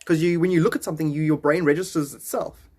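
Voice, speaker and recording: A man's voice: on the high side, steady tone, fast, darkish tone. A man chatting casually on a phone live stream, rambling and joking, often slipping into silly voices.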